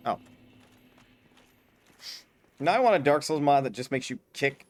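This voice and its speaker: A man's voice: a little high, animated, a little slow, pauses often. A man streaming a hard game, chatting casually, swearing often and breaking into mock-grand speeches. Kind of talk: casual gameplay commentary.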